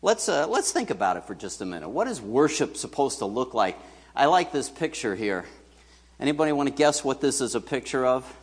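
A man's voice: medium pitch, big pitch swings, fairly quick, slightly rough. A man preaching a sermon as pastor, chatty and joking, putting questions to the congregation. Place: church hall. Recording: church hall reverb.

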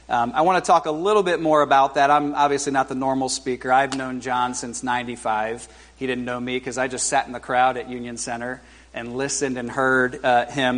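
A man in his forties preaching as a guest speaker to a church congregation, in a conversational, halting way with lots of fillers and self-deprecating humor. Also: mid-range voice, fairly bright tone. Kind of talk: informal sermon. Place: church service before a congregation.

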